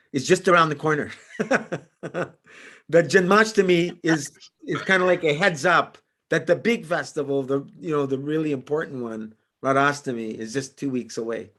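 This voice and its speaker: Man leading a reading group, laughing often. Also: on the high side. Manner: laughs often, lively storytelling. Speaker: study group leader. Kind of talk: reading aloud and casual chat. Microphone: video call.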